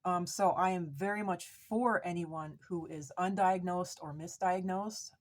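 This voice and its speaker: A woman's voice: fairly low pitch, fairly even intonation, unhurried. A woman from Minnesota talking to camera in an unscripted monologue, rambling and repetitive, with many restarts and insistent emphasis. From Minnesota, USA. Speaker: vlogger.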